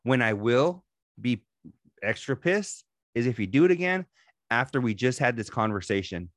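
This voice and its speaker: A man's voice: mid-range voice, big pitch swings, moderate pace, dry recording, studio quality. A man in his thirties co-hosting a podcast, telling a story about his daughter in a casual, profanity-laden way. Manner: profane, storytelling, calls partner "dog". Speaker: podcast co-host. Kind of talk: casual chat.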